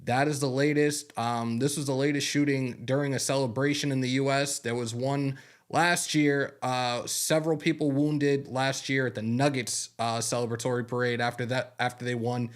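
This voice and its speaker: A man's voice: mid-range voice, little pitch movement, moderate pace. A man hosting a fan sports show on a live stream, chatting loosely with swearing and then reading a news rundown. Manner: loose and profane, openly moved by a fan's gift. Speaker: sports podcast host.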